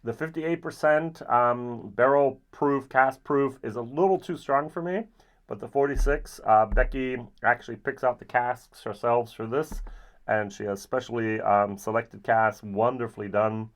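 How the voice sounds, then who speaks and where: A man giving a casual, rambling whisky tasting review, often pausing with ums. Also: medium pitch. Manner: relaxed, rambling with frequent ums.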